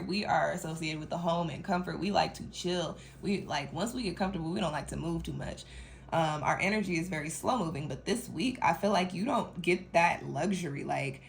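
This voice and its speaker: A woman's voice: fairly low pitch, vocal fry, a little hiss or hum. A young woman from Denver giving a chatty, rambling tarot reading, laughing often. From Denver, Colorado. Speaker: tarot reader. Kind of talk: casual tarot reading monologue.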